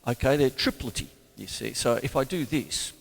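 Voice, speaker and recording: A man's voice: medium pitch, lively intonation, moderate pace, creaky, soft background music. A man hosting a casual drum lesson, who talks in a rambling, chatty, self-deprecating way. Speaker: drum teacher and show host. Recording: long hall reverb, faint drums.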